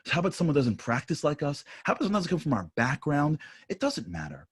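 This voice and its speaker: A man on a panel talks in earnest, confessional bursts and repeats himself as he goes. His voice is a little husky, sits fairly high, and rises and falls widely. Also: wildly swooping pitch. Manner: earnest, confessional, speaks in quick bursts with repetitions. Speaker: panel speaker. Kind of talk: impassioned panel talk. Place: livestream studio panel.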